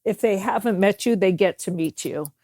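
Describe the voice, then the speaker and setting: A woman's voice: medium pitch, normal speed, warm tone, no echo. A woman from the East Coast hosting a podcast, speaking in an effusive, affirming way to her guest. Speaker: podcast host. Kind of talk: heartfelt interview talk.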